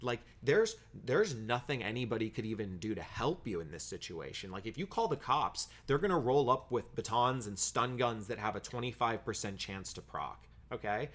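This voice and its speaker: A man's voice: mid-range voice, big pitch swings, moderate pace, hardly any pauses, a bit bright. A man giving a casual film review, blunt and critical, with frequent "um" fillers and the odd swear word.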